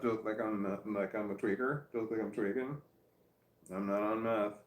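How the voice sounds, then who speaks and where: This middle-aged man's pitch sits on the low side as he rambles through viewer comments on a casual livestream, poking fun at himself and laughing frequently. He's seated in an armchair in a room at home, recorded on a phone, and the space sounds echoey.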